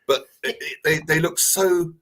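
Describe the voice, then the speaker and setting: A man hosting a live radio talk show, telling stories in a chatty, animated way. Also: on the high side, normal speed. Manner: chatty storytelling, lively. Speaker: radio host. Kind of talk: casual radio chat.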